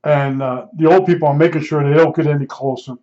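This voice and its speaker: Older man, slightly higher voice, rambling blunt storyteller, dull lo-fi sound. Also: steady tone, quick pace, mellow. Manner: rambling, repeats himself, blunt and emphatic. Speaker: podcast storyteller. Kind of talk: casual spoken storytelling.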